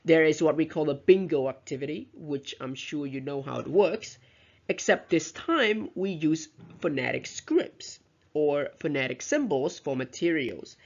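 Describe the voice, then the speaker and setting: Teacher explaining stuff in a lesson, gravelly voice, pitch going all over. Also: lively intonation, a little slow, dull audio. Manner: explanatory, modelling words aloud, self-correcting. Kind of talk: recorded lecture explaining pronunciation.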